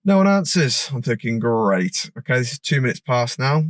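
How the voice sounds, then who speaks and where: A man, a driving instructor, telling a story in a rambling, animated way with many restarts. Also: mid-range voice, normal speed, dry recording. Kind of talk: casual storytelling vlog. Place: outdoors by a parked car.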